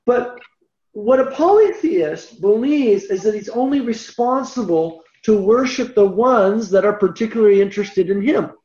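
A man leads a verse-by-verse Bible lesson in an animated, conversational way, often breaking off into asides and correcting himself. His voice sits high with a gravelly fry. The sound is roomy and echoey on a dull, lo-fi recording. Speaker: Bible teacher.

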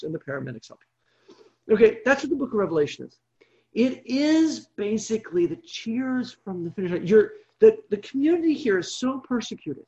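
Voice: medium pitch, brisk, dull audio. A Bible study leader teaching an evening group online, telling stories vividly and checking in with the listeners. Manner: animated storytelling with frequent check-ins.

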